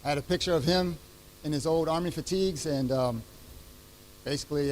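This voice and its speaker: A middle-aged man giving his retirement ceremony speech, heartfelt and halting, with many fillers and restarts. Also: fairly high pitch, darkish tone, slight background noise, poor audio. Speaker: retiring chief master sergeant giving a speech. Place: ceremony venue.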